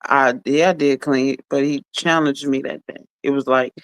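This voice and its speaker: A woman's voice: very deep voice, fairly even intonation, moderate pace, dry recording. A woman comedian talking as a podcast guest, blunt and profane, telling stories in casual slang.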